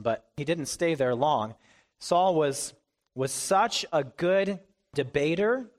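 A man preaching in a relaxed, conversational storytelling way. His voice sits a little high for a man, and he acts out the people in his story. His sermon keeps an easy, talkative feel. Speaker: pastor.

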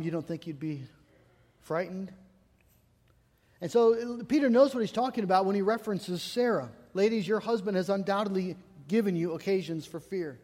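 High-voiced man preaching in a hall. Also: darkish tone. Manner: earnest, storytelling with self-deprecating humor. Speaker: pastor. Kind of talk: sermon.

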